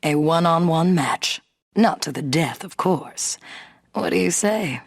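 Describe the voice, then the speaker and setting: An actress voicing a proud veteran woman summoner who speaks as a calm, stately mentor in a game. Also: low voice, gravelly, exaggerated voice. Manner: stately, measured. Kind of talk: game voice acting.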